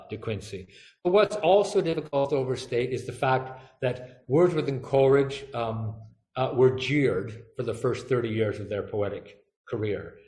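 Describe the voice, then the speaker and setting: A man's voice: mid-range voice, roomy sound. A man giving a public lecture in a chatty way, full of fillers and playful quoted asides.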